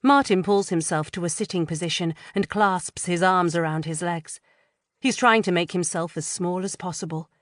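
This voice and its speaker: A woman reading a first-person psychological thriller audiobook in a measured, tense way. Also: on the low side, no room sound, studio quality. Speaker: audiobook narrator.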